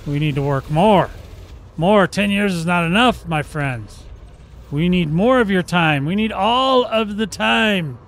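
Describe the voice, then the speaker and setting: A man's voice: high-pitched, animated, measured pace, fairly bright tone, heavily acted. A man putting on the sarcastic, commanding voice of a greedy game developer. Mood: mocking.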